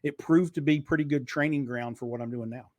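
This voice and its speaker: A man's voice: mid-range voice, a little fast, a little mellow, no echo. A man in his fifties from Eastern Kentucky with a slight twang, telling his story as a podcast guest in a fluent, trained broadcaster's delivery. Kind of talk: casual interview storytelling.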